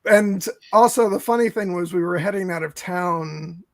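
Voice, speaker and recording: A man's voice: high voice, normal speed, no room sound. A man co-hosting a casual film podcast, telling a long rambling story full of fillers. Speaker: podcast co-host. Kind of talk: casual film review chat.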